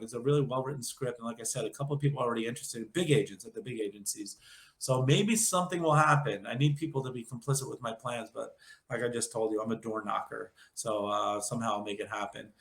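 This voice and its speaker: Guest: quick, nasal New York man in his fifties, jokey rambler, roomy echoey sound. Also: mid-range voice. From Long Island, New York. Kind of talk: casual interview chat.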